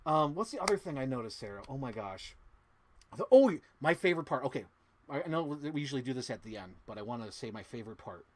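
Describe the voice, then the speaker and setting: A man in casual conversation about a film he loves, effusive and quick to curse. His voice sits at an ordinary middle pitch, and he slips into the lines he quotes. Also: sing-song, darkish tone. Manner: effusive, swears freely, acts out movie quotes. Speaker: podcast co-host. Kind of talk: casual movie review chat.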